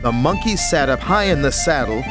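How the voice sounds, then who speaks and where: A man narrating a children's story in a lively, expressive way. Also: on the high side, moderate pace. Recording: music bed underneath.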